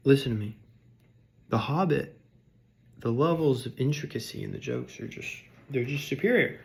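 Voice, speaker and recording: A man's voice: medium pitch, fairly quick, gravelly. A man delivering a comedic rant, mock-outraged and sarcastic, insulting his audience. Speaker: vlogger.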